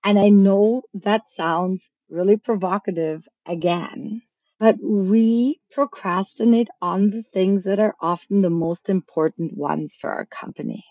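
A woman's voice: mid-range voice, a little slow, mellow, no room sound. Frank woman coach, dull lo-fi sound. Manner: frank, emphatic, persuasive. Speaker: business coach and author. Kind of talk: podcast interview answers.

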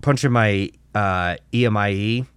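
A man co-hosting a casual podcast, telling a story in an animated way, acting out dialogue and swearing. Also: fairly low pitch, measured pace, clear, resonant tone, no room sound. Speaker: podcast co-host.

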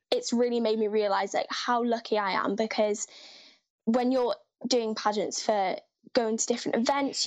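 A teenage girl from North Wales, chatting upbeat with lots of fillers as a guest in a live interview. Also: a little high. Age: teens.

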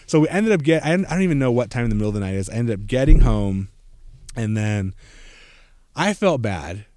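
A man's voice: mid-range voice, expressive, brisk, darkish tone, no room sound, clean studio sound. An American man in his thirties, a podcast host, tells a story in casual chat, acting out quoted voices with many "like" fillers. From United States. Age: 30s.

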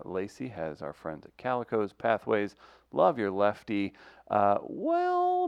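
Gravelly, low-voiced comedy podcast host. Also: male voice, no room sound. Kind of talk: casual comedy podcast chat.

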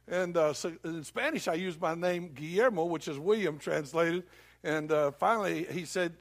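Folksy preacher with a high voice. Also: male voice, fairly quick. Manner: folksy storytelling preacher, jokes with the congregation. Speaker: pastor. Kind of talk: sermon. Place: church.

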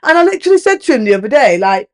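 Talking very fast in a high voice, a woman in her thirties delivers a candid relationship monologue on her podcast. The storytelling is animated and emphatic, with lively rises and offhand swearing.

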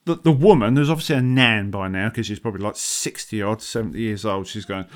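A man's voice: lowish voice, fast talker, hardly any pauses. A man co-hosting a podcast, ranting in casual comedic chat and slipping into mocking voices. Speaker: podcast co-host.

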